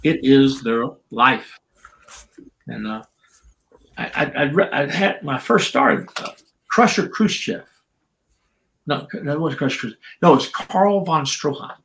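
An older man with a gravelly, creaky edge to his voice, chatting as an interview guest. He rambles through stories, laughs a lot and acts out voices along the way. His pitch sits in the middle for a man. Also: measured pace, long pauses, a bit bright, a little hiss or hum, rough recording. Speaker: guest, former wrestler and referee. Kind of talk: casual interview storytelling.

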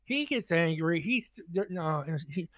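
A man's voice: on the high side, animated, a little slow, fairly bright tone, no echo, clean studio sound. A man on a podcast, telling a rambling, profane story in casual chat, full of restarts.

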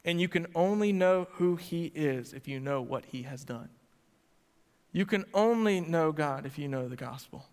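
A male pastor preaching to a church congregation, asking them direct questions and swinging between loud emphasis and quiet lines. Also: a little high, animated, normal speed. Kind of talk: sermon. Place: church sanctuary before a congregation. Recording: long hall reverb.

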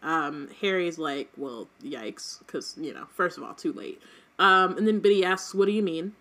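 A woman's voice: on the low side, normal speed, fairly bright tone. A woman co-hosting a casual book podcast, reading passages aloud and laughing often. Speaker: podcast co-host. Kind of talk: casual book-discussion chat.

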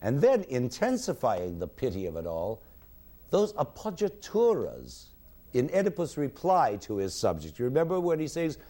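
A man giving a university music lecture in a hall, expressive and singing examples at the piano. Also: mid-range voice, normal speed.

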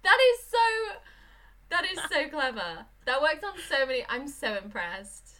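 An enthusiastic woman co-host in casual conversation who breaks into laughter often. Her voice is bright and sharp, pitched somewhat high. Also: big pitch swings, measured pace. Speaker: podcast co-host. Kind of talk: casual chat.

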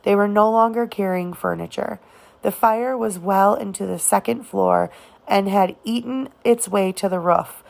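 A woman narrating an audiobook of a novel, reading in a halting way with occasional restarts on words. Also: medium pitch, gravelly. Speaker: audiobook reader.

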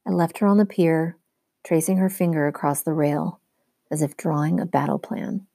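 A woman teacher reading a novel aloud in a steady, clear storytelling manner. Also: deep voice, normal speed, no room sound, clean studio sound.

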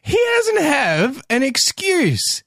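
A man's voice: very high-pitched, wildly swooping pitch, slow pace, vocal fry, fairly bright tone, dry recording, clean studio sound. A man co-hosting a podcast, chatting casually and making playful, joking asides. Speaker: podcast co-host. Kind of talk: casual chat.

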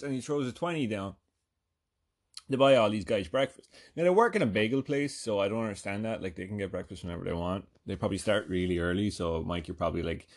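A man hosting a podcast, telling a rambling comedic story full of swearing and fillers. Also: low voice. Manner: rambling, profane, lots of fillers. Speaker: podcast host.

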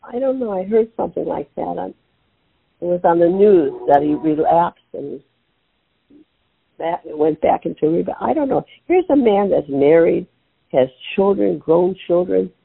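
Older woman guest, gravelly, phone-line sound, animated storyteller. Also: on the low side, unhurried. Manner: animated storyteller acting out her own quotes. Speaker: author and interview guest.

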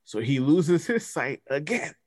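A man telling a story in a casual, animated way, full of slang and profanity. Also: fairly high pitch, measured pace, dry recording.

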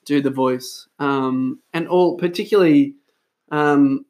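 A man's voice: on the high side, slow, a little mellow. A man hosting a church podcast, chatting casually, teasing his guest and laughing often. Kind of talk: casual chat.

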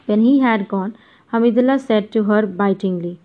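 A woman narrating a literary novel as an audiobook, in a measured, even reading, muffled audio. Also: mid-range voice.

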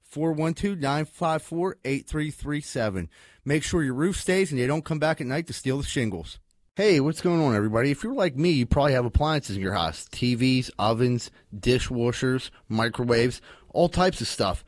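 A man's voice: mid-range voice, expressive, normal speed, no room sound. A man hosting a podcast, reading ads and telling loose, profane stories. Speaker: podcast host. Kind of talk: casual podcast chat and ad reads.

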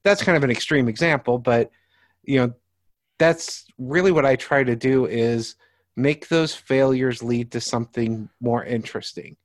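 A man's voice: mid-range voice, normal speed, no room sound, studio quality. A man who runs tabletop games, chatting casually on a podcast and explaining his approach with examples. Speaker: game master.

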